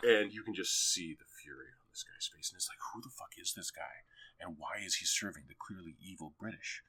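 A man in a casual chat, excitedly and profanely retelling the opening of a film. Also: sits low, fairly quick, husky. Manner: animated, excitable, profane storytelling.

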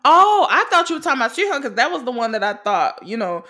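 A woman co-hosting a podcast, chatting casually with a giggly, animated manner. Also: high voice, quick pace. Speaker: podcast co-host. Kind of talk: casual chat.

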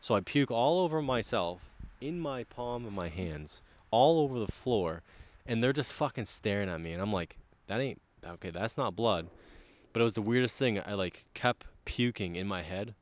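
Low-voiced guy on a podcast, loose and profane, rambles through a wild story. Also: animated, moderate pace, few pauses. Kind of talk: casual podcast chat.

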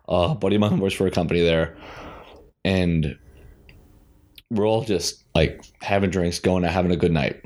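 A man's voice: sits low, darkish tone. A man hosting a podcast, telling a story casually with lots of restarts and fillers. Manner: rambling, with many restarts and fillers. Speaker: podcast host.

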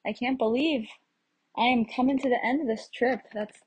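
A woman's voice: a little high, moderate pace, slight background noise, rough recording. A young woman from the United States, vlogging casually about her backpacking trip in a chatty way and laughing often as she tells her stories. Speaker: travel vlogger. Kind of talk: casual chat.

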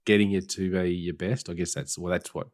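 Laid-back man, low voice. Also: brisk. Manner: animated retelling, acting out scenes in quoted voices. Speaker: podcast co-host. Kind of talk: casual film discussion.

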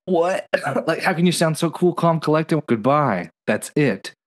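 Animated man telling stories on a podcast. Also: on the high side, a little slow. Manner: animated storyteller, breaks into playful voices. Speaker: podcast co-host. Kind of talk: casual TV recap chat.

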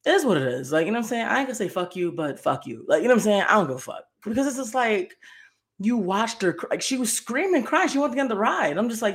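A young woman tells a story on her podcast as a fast, heated rant, swearing and repeating herself as she hosts. Her voice is mid-range and sing-song.

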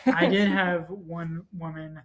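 A man's voice: on the high side, fairly even intonation, takes it slowly, a crowd in the background. A young adult man co-hosting a podcast in casual chat, joking and mocking himself. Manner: joking and self-mocking, drops into mock ad reads. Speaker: podcast co-host.

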